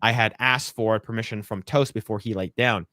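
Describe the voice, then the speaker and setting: A man hosting a podcast, talking in an animated, rambling way with many fillers. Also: lowish voice, normal speed, no echo, studio quality. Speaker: podcast host. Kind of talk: casual commentary.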